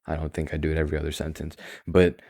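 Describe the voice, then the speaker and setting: A young man with a very deep, low voice hosts his own podcast and rambles through it with easy self-assurance. His delivery is slow, calm and soothing, with quiet asides and emphatic bursts. The sound is dry and close, with no room around it. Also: vocal fry, dry recording. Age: young adult. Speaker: podcast host. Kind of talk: casual solo podcast monologue.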